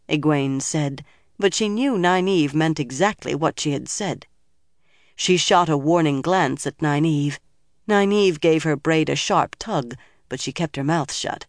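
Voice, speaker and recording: An audiobook narrator reading fantasy fiction in an even, measured storytelling manner on a close studio mic. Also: mid-range voice, no room sound.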